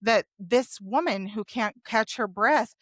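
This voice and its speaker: A woman guest on a podcast, telling her own story openly, with a wry humor about dark memories. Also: a little high, takes it slowly, no room sound, studio quality. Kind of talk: candid storytelling in a podcast interview.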